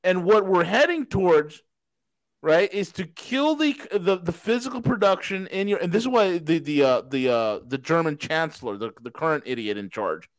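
A man with a high-pitched voice delivers an emphatic, profane rant on the economy, posing rhetorical questions and answering them himself. The sound is close and dry, with no room echo. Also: expressive, normal speed. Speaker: podcast host. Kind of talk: casual markets commentary.

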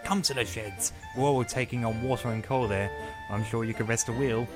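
A man voicing a cheerful old male steam engine in a storybook reading, talking in brisk, chatty bursts. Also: medium pitch, music in the background, close to an everyday voice.

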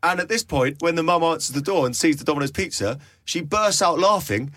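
A young male radio presenter chats as a podcast guest, telling stories with lively, laughing energy. His voice sits a little higher than most men's, with a close, dry sound. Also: a little fast, dry recording. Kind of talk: casual chat.

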